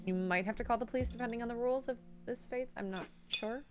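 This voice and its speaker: A woman's voice: on the high side, quick pace, music in the background. A woman in casual chat, reacting expressively and sympathetically. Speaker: co-host painter.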